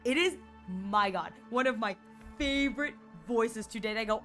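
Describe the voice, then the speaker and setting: A woman streamer chats casually and excitedly, her fairly high voice bouncing as she giggles and drops into playful mock voices. Faint music plays underneath. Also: normal speed. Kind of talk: casual chat on a game stream.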